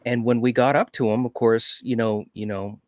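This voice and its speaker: A man's voice: medium pitch, fairly even intonation, normal speed, darkish tone, no room sound, studio quality. A man co-hosting a casual chat, telling stories with enthusiasm and lots of "you know". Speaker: podcast co-host.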